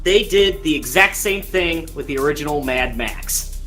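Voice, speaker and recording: A woman chatting casually on a group podcast, animated and quick to joke. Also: low voice, faint music behind. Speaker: podcast co-host.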